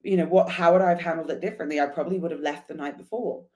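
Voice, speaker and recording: A woman guest telling a lively, casual story and acting out the dialogue. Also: low-pitched, very fast. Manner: animated, acts out dialogue in anecdotes. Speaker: guest, motorcycle traveler.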